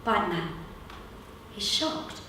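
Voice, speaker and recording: A woman's voice: medium pitch, big pitch swings, very slow, bright, forceful tone, heavily acted. A woman playing a chatty, cheerful London street seller in a theatre monologue, telling a story and mimicking the voices of others, with a London accent. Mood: lively. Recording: echoey hall from far off.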